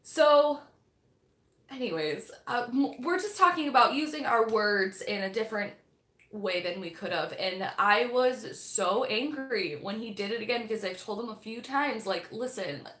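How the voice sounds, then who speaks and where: Young woman rambling on a livestream, kinda high voice, lots of um and like, echoey room. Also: lively intonation, moderate pace, fairly bright tone. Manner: chatty, rambling, full of "like" and "um". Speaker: livestream host of a book club. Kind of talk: casual live-stream chat.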